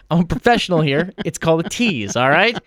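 A man hosting a sports talk radio show, bantering fast and teasing his co-host. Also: fairly high pitch, big pitch swings, a bit bright. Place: radio studio.

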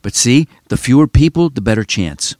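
Older Chicago-raised man, podcast host, lively pitch, bone-dry close recording. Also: moderate pace, no room sound. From Chicago, United States. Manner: emphatic, rambling, talks straight to listeners. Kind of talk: casual reflective monologue.

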